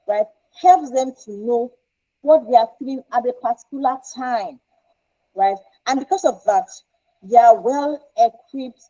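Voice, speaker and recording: Woman counsellor with a warm, dull-sounding voice. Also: fairly high pitch. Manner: explains with rhetorical questions and acted examples. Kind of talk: parenting lesson.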